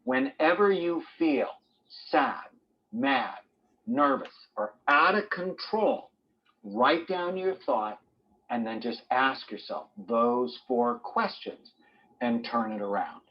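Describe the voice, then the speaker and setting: A man's voice: mid-range voice, expressive, takes it slowly, highs cut off. A man, a doctor, giving a motivational self-help talk, telling stories and acting out what people said. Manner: storytelling, acting out quotes in varied voices.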